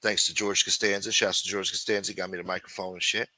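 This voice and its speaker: A man hosting a casual livestream, greeting viewers with loud mock-preacher calls, crude banter and sing-song asides. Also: low-pitched, level tone, fast. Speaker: livestream host. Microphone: desk microphone.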